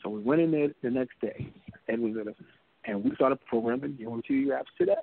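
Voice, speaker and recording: Gravelly fast-talking man on a phone line. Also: no room sound. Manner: acts out quoted people in a higher voice. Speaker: interview guest. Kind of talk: animated storytelling in a conversation.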